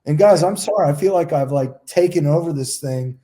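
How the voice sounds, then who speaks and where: A man's voice: fairly high pitch, a little fast, mellow, slight background noise. A man co-hosting a casual round-table podcast, an emphatic talker who swears freely and holds the floor at length. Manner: emphatic, profane, talks at length. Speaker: podcast co-host, goalkeeper.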